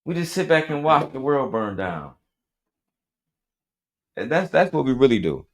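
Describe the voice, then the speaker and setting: A man's voice: mid-range voice, sing-song, moderate pace. A man hosting a reaction commentary show, talking bluntly in profane street slang and hammering his points with repetition.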